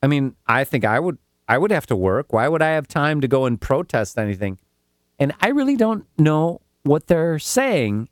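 A man's voice: fairly high pitch, sing-song, normal speed, no room sound, clean studio sound. A man co-hosting a casual comedic chat, telling stories with swearing and mock voices. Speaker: podcast co-host.

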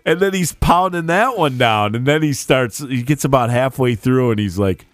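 A man's voice: medium pitch, moderate pace, no echo. Man telling a story, dry close sound. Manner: animated, profane, laughing. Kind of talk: casual storytelling.

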